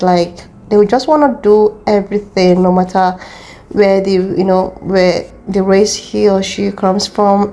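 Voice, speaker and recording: Woman host, mid-pitched, chatty, speaks straight to her viewers. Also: mellow. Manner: chatty, addresses viewers directly. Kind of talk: casual commentary to viewers.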